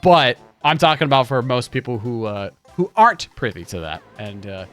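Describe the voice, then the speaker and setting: A man co-hosting a live speedrun race stream, talking casually and excitably, often trailing off and restarting sentences. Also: mid-range voice, moderate pace, soft background music. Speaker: race co-host.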